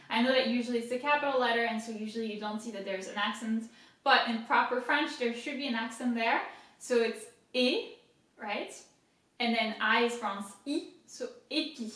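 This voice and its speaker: A woman's voice: on the high side, fairly bright tone. A woman giving a casual video lesson on French pronunciation, patiently spelling words out syllable by syllable with light self-mocking humor. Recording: very echoey room, voice from a distance.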